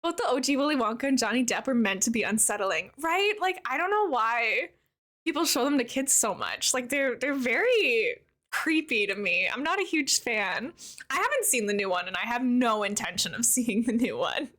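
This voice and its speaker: Chatty high-voiced woman streamer. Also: moderate pace. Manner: chatty, greets viewers by name, animated and giggly. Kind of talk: casual live-stream chat.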